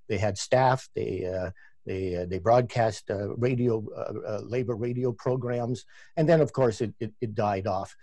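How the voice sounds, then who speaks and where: A man's voice: medium pitch, mellow, dry recording. A Canadian man answering interview questions about labour radio, thoughtful, often restarting and correcting himself. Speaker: labour radio producer and podcast guest.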